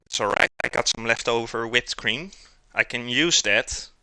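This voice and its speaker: A man's voice: mid-range voice, normal speed, pushed and bright, a little hiss or hum. A man, chatting casually with his viewers during a live cooking stream in his home kitchen and chuckling often.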